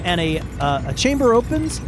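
High-voiced game master narrating. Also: male voice, big pitch swings, moderate pace, music in the background. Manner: loose, hedging narration with many fillers.

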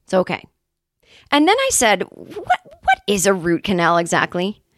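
A woman's voice: medium pitch, huge pitch swings, moderate pace, no room sound. Rambling, self-mocking woman podcast host. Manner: rambling, self-deprecating, candid about anxiety. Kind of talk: casual comedic storytelling.

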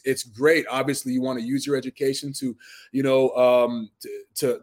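A man in his thirties from Massachusetts telling stories as an interview guest, earnest and full of restarts. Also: mid-range voice. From Massachusetts, USA. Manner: earnest, storytelling, many restarts. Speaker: guest, pro wrestler. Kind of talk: casual interview talk.

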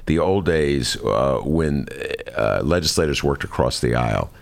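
A male host's voice sits at the very bottom of the range, with a gravelly fry and lively swings in pitch. He presses his guests with probing questions, stalling on frequent fillers. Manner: probing, plays devil's advocate; halting, many uh fillers. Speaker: radio interview host. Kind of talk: political interview.

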